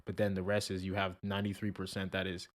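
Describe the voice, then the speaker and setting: A young man co-hosting a podcast, talking in an animated, chatty way with many fillers. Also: deep voice, fast. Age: young adult. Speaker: podcast co-host. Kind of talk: casual chat.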